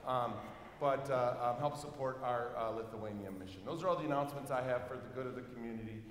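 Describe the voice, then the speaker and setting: Casual, joking man doing church announcements, mid-pitched voice, long hall reverb. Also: fast talker. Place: large church sanctuary. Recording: echoey church hall, faint noise.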